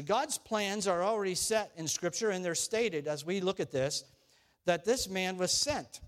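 A man preaching a sermon, animated and storytelling, rising and falling in volume. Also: sits high, measured pace. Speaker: pastor.

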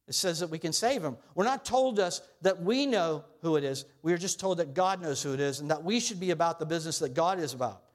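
A middle-aged male pastor delivers a sermon in a somewhat high voice. He preaches earnestly, rising loud and high when quoting scripture and sinking low and soft when asking his listeners questions. His talk is plain and direct, with a few restarts. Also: fairly quick, few pauses.

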